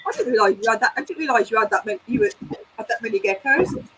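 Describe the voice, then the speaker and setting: A woman's voice: fairly high pitch, big pitch swings, fast, fairly bright tone, slight background noise, rough recording. A woman chatting casually with blunt, joking banter. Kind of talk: casual chat on a video call.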